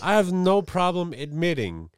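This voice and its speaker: Deadpan teasing young man. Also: sits high, normal speed, smooth. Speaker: podcast host. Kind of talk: casual banter.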